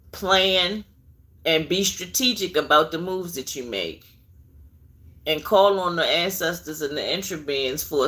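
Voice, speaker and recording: A woman's voice: low-pitched, a bit bright. A woman giving a live tarot reading, chatting directly to her viewers and drifting into asides as she goes. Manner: chatty, addresses viewers directly, digresses while searching for things. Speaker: tarot reader.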